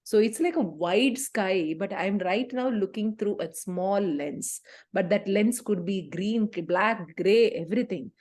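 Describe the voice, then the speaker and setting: Woman workshop leader, earnest and enthusiastic, mid pitch. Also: animated, a little slow, a little mellow. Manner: earnest, enthusiastic, repeats words. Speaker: parenting workshop facilitator. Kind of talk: reflective workshop talk.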